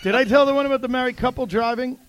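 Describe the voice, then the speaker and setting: A man who is a comedian, telling jokes in casual chat with deadpan punchlines. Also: very high voice, racing, a little hiss or hum. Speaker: comedian guest.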